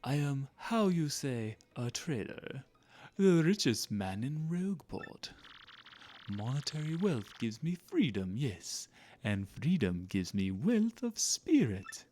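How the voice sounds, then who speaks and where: A man's voice: mid-range voice, sing-song, slow, darkish tone, voice pushed up. A man voicing a vain, dramatic rich male merchant who talks in a pompous, theatrical way with a put-on foreign lilt.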